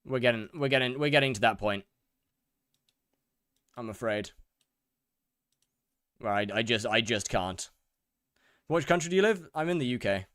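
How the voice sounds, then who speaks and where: A man's voice: mid-range voice, lively intonation, moderate pace, long pauses, a bit bright, no echo. A man chats casually with his viewers while playing a game, reading their questions aloud and looping back over his own words. He sounds overheated and sweaty. His voice sits in a middle range and is recorded dry and close. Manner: reads chat questions aloud and answers, repeats phrases. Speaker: game streamer. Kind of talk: casual live-stream chat while gaming. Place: hot room in a house.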